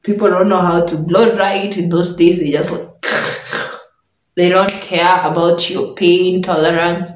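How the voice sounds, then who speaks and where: Animated woman telling a story in an echoey room. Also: fairly low pitch, measured pace, far from the mic. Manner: animated, laughs often while telling the story. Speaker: vlogger. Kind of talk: personal storytelling.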